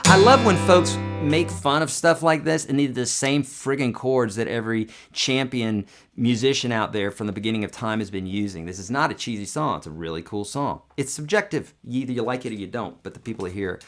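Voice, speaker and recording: A man's voice: mid-range voice, a little fast, hardly any pauses. A man teaching a song on guitar in a live stream, talking casually and breaking into sung lines. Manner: casual, chatty explaining with sung demo lines. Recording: loud guitar playing behind voice.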